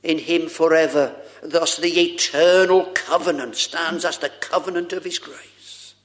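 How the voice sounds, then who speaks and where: A man's voice: fairly high pitch, steady tone, unhurried, a bit bright. A man preaching a sermon, addressing the congregation with rhetorical questions and old-fashioned scripture wording.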